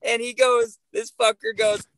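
Young guy swearing nonstop while he tells a story, bright edgy voice, dead dry sound. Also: extremely high pitch, unhurried, no echo, rough recording. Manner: animated, swears constantly. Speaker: guest, pro bull rider. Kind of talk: profane storytelling on a podcast.

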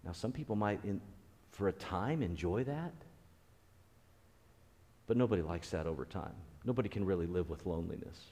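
A man's voice: sits low, expressive, normal speed, pauses often, dark tone. Earnest preacher man in a reverberant hall. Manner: earnest, repeats key phrases, frequent restarts. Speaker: pastor. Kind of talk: conversational sermon.

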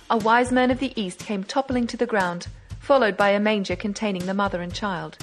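A woman narrating a classic novel as an audiobook, in measured storytelling. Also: medium pitch, soft background music.

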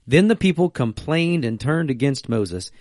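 A podcast co-host with a mid-range, slightly mellow voice speaks at a normal pace in an animated way. He tells stories in a casual faith discussion, reads scripture aloud, and acts out the voices in quotes. The sound is dry and studio-clean.

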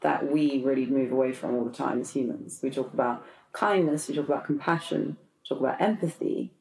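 An interviewer with a gravelly, creaky voice asks long, meandering questions. The sound carries noticeable room echo. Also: mid-range voice, a little mellow. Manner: long winding questions with fillers.

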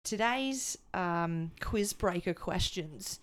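A woman's voice: fairly low pitch, animated, slow pace. Giggly woman podcast host. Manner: giggly, chatty. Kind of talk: casual chat and quiz hosting.

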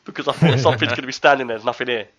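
A man's voice: mid-range voice, very fast. A man in his thirties chatting casually, telling stories animatedly and acting out the screams. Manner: animated storyteller, acts out screams. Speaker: show regular. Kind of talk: casual chat.

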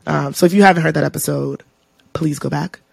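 Woman podcast co-host, gravelly voice, dry close sound, expressive casual chat. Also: low voice, a little fast, no echo. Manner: expressive, animated storytelling.

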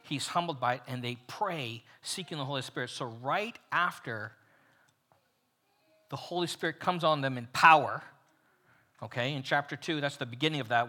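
At medium pitch, a man guides a men's Bible study in an animated style, raising his voice on emphatic points and sinking almost to a whisper elsewhere.

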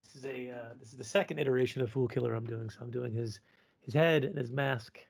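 A man's voice: medium pitch, fast, vocal fry, no room sound. A man co-hosting a casual podcast, blunt and crude, swearing freely. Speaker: podcast co-host.

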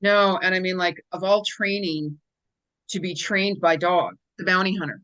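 A woman hosting a casual podcast interview, chatty and quick to laugh along. Her voice sits a little low and sounds dry and close. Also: steady tone, fairly bright tone, dry recording. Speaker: podcast host.

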